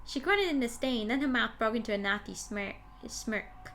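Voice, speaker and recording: Young female streamer, slightly high voice, chatty game read-through. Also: lively intonation, moderate pace, few pauses, a bit bright, a little hiss or hum. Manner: chatty, reads game text and comments on it. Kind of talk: playing and reading a visual novel aloud.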